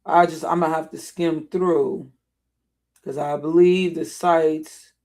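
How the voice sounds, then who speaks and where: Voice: medium pitch, fairly even intonation, slow, a little mellow. Agitated live streamer thinking aloud. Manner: thinks aloud, repeats and restarts phrases, grows agitated. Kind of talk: casual live-stream commentary while browsing.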